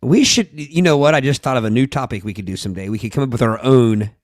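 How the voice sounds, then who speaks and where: A man of medium pitch co-hosting a casual podcast, reasoning through each question aloud. The sound is dry and close to the mic. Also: fast talker, no room sound. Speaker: podcast co-host. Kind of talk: casual chat.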